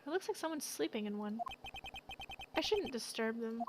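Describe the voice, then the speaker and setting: A woman's voice: a little high, animated, normal speed, noisy background. A woman streamer reading a game's dialogue aloud in a casual, musing way. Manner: casual, soft, muses aloud. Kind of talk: reading game dialogue aloud, let's play. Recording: game music playing behind.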